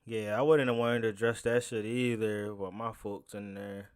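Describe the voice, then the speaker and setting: A man's voice: fairly low pitch, fairly even intonation, normal speed, heavy background noise. A man streaming live, reacting casually to a clip and greeting his chat by name. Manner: laid-back, greets chat by name, laughs along.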